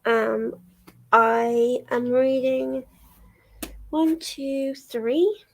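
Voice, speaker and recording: English woman, young adult, slightly high voice, unhurried, rambling book chat. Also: steady tone. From England. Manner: chatty, rambling, lots of ums and little laughs. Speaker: book vlogger hosting a reading sprint. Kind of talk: casual chat to a livestream audience.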